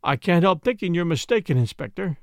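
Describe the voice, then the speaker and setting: A man's voice: high-pitched, animated, a little fast, no echo, studio quality. A man voicing a genial chief constable, a colonel with a hearty, breezy manner in an audiobook. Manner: hearty, breezy, officer's bluster.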